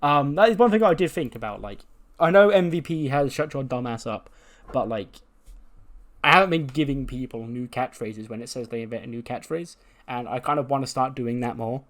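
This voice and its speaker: A man narrates a wrestling management game in a loose, chatty style. He rambles, laughs at his own jokes and swears casually as he goes. His pitch sits right in the middle for a man. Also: expressive, brisk. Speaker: let's play host. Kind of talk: casual game story commentary.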